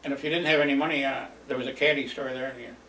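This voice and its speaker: This older man tells stories from his youth very fast, his medium-pitched voice pushed and bright yet steady in tone. He rambles, chuckles and fills his speech with fillers as he reminisces for an oral history. A distant mic in a roomy space adds faint ambience and slight background noise.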